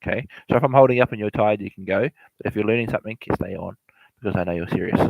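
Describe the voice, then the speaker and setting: A man's voice: lowish voice, fast talker, gravelly, no room sound, narrow, tinny audio. A man giving property investment advice in a rambling, repetitive way, often correcting himself and speaking straight to the listener. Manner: repetitive, self-correcting, addresses listener directly. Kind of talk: rambling informal lecture.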